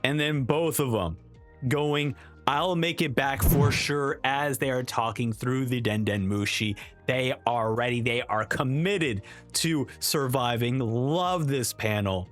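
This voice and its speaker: A man hosting a casual manga reaction, excitedly talking through panels and quickly reading out lines. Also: medium pitch, soft background music. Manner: excited, reads dialogue in quick voices.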